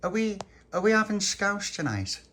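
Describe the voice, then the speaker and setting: A man voicing an excitable little boy who chatters eagerly in a raised voice. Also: high-pitched, moderate pace, pitched above the performer's own voice, exaggerated voice. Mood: excited.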